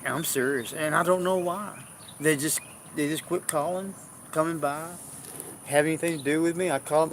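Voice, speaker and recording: A man's voice: on the high side, steady tone, moderate pace, a bit bright, slight background noise. A man chatting casually at home, jovial and rambling, drifting off track as he tells stories. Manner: jovial, rambling, drawling storyteller. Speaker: vlogger. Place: indoors at home.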